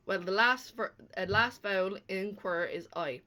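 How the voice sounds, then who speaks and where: A woman's voice: medium pitch, measured pace, sharp tone. A woman teacher recording a lesson over slides, explaining each step and checking in with "okay?" after most points. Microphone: talking over slides.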